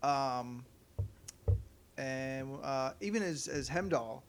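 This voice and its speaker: A man's voice: medium pitch, expressive, takes it slowly, slight background noise. A man co-hosting a podcast, chatting casually about movies in an opinionated, rambling way with many fillers and restarts. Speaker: podcast co-host. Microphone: studio podcast mic.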